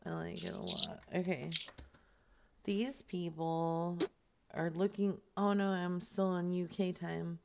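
A woman's voice: lowish voice, lively intonation, slow, gravelly, background noise. A woman hosting a radio show, chatting casually and crudely between prank phone calls. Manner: crude, joking, laughs often.

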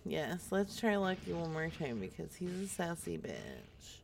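A woman's voice: deep voice, huge pitch swings, unhurried, gravelly, a crowd in the background. A woman co-hosting a comedy show, giggly and playfully swearing in casual banter. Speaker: podcast co-host.

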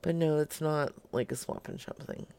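A woman co-hosting a casual show, making calls to strangers, talking slowly and giggling often between halting lines. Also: low-pitched, fairly even intonation, a little mellow, clear, resonant tone. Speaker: co-host making prank-style phone calls. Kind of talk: casual chat on a live call-in stream.

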